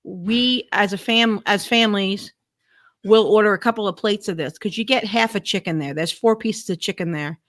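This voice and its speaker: A woman's voice: medium pitch, moderate pace, a bit bright. Chatty woman co-hosting a stream. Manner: chatty, laughs often, restarts words. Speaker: live stream co-host. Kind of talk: casual chat.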